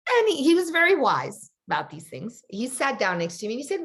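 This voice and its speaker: A woman coach telling a personal story to her group in a chatty, animated way. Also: mid-range voice, a little fast, few pauses. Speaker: confidence coach. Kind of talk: storytelling in an online coaching session.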